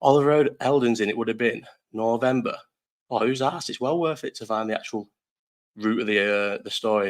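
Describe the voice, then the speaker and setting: A man in his thirties hosting a casual live chat, rambling through stories, swearing freely and laughing often. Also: mid-range voice. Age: 30s. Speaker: live stream host. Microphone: desk mic set too low.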